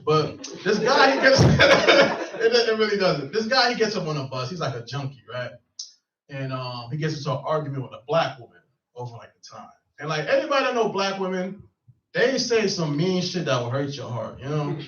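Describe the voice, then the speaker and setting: A man's voice: a little high, lively intonation, moderate pace, a bit bright. A man doing a stand-up set on a comedy club stage, loose and laughing at his own jokes. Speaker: stand-up comic. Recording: echoey room, far from mic, dull.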